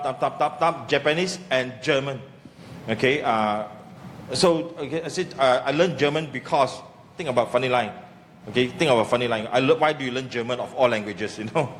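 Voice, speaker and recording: A man's voice: mid-range voice, fairly bright tone. A man coaching a comedy workshop, giving chatty feedback peppered with "okay". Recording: hall with faint ambient noise.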